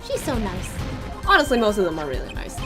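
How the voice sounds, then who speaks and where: A woman streaming a game and chatting casually, bubbly and quick, cooing now and then. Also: mid-range voice, wildly swooping pitch, over music. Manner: bubbly, fast, coos at pets. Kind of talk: casual let's-play chat.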